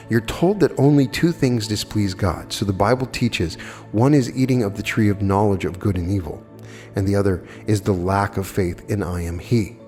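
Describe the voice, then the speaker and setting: Recorded long ago in a reverberant hall with faint music behind him, a man delivers a plainspoken lecture. His fairly low, slightly mellow voice poses rhetorical questions to make his points, and he also answers audience questions.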